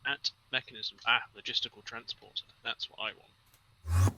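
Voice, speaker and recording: A man bantering with a friend over voice chat, deadpan and teasing, with mumbled asides. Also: mid-range voice, unhurried. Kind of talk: casual banter. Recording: noisy voice chat audio.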